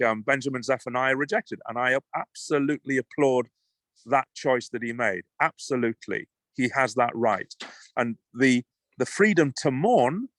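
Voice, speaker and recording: A man's voice: medium pitch, no echo. Passionate British man, dry sound. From United Kingdom. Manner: emphatic, passionate, repeats words when starting. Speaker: guest. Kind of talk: conversational interview.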